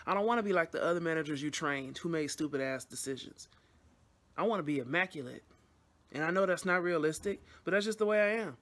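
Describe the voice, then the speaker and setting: A woman's voice: on the low side, a bit bright. A woman vlogging casually, venting bluntly to her camera with frequent swearing and rambling restarts.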